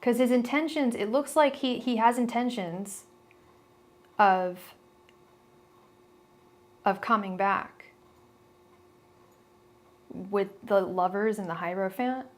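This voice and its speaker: A woman's voice: medium pitch, slow, pauses often. Young female tarot reader, casual and blunt, chatty live-stream talk with stumbles. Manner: chatty, blunt, many restarts and fillers.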